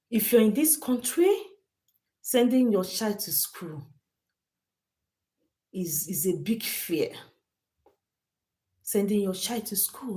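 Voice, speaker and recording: A woman's voice: mid-range voice, mellow. Brief: woman, live-stream host talking straight to chat, emphatic, repetitive delivery. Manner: emphatic, repeats phrases, addresses chat directly. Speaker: livestream host.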